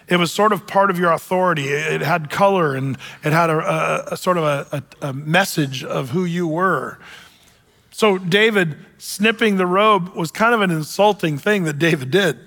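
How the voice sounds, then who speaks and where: Man preaching a sermon, high voice, animated storytelling, long hall reverb. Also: normal speed. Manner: animated storyteller, jokey asides. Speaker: pastor.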